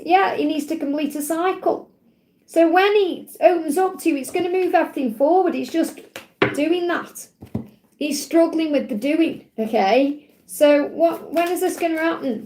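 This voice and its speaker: A high-pitched woman doing a live card reading for viewers. She sounds reassuring and keeps checking in with a quick "okay?" as she speaks for someone's feelings. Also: noisy background. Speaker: psychic card reader. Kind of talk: live-stream tarot reading.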